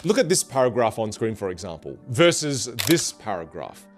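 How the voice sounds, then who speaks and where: A man gives a motivational lesson on speaking clearly, his pitch rising and falling in lively swings. He slows down and pauses to make points land. Soft music plays faintly behind him. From grew up in a Vietnamese and Chinese culture. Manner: animated, demonstrates rambling and fast talk on purpose. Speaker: speaking coach.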